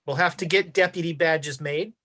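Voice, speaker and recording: A woman's voice: low-pitched, normal speed, fairly bright tone. A woman playing a shrewd old-west town founder. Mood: cordial. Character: shrewd male town founder, cordial and calculating. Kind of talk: tabletop game character voice.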